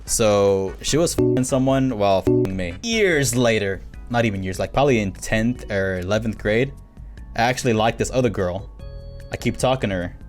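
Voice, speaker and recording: Lively young man telling a story. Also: fairly low pitch, normal speed, music in the background. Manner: animated, acts out quoted people with laughs. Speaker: streamer. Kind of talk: casual storytelling.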